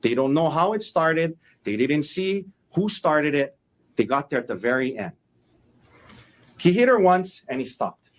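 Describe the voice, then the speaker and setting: Male defense attorney, opening statement; emphatic, animated delivery, slightly high voice. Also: measured pace. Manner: emphatic, repeats key phrases, acts out quoted speech.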